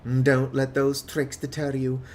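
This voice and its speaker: A man voicing a hairy old male hermit builder as he reads game dialogue aloud, with soft "mm" and "uh" fillers. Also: medium pitch, monotone, measured pace, a little hiss or hum, close to an everyday voice. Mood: guiding. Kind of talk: reading game text aloud.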